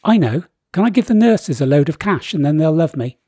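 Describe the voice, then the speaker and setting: A man voicing an awkward, clueless young prince with an excitable, whiny delivery. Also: fairly high pitch, brisk, slightly rough, no echo, studio quality, pitched above the performer's own voice.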